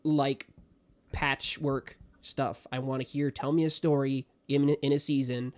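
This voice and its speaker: A man co-hosting a podcast in casual chat, excitable and given to ranting, with his voice jumping loud and high when worked up. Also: unhurried. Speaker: podcast co-host.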